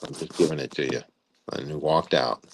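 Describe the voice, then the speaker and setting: An older retired army general telling stories in an interview, rambling with restarts and acting out quotes loudly. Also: male voice, extremely low pitch, fairly even intonation, fairly quick, creaky, noisy background. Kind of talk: storytelling interview.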